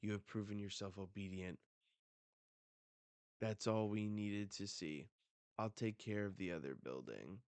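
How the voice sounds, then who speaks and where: A man's voice: lowish voice, unhurried, pauses often, a little mellow, clean tone, dry recording. A man reading a cold, commanding male villain.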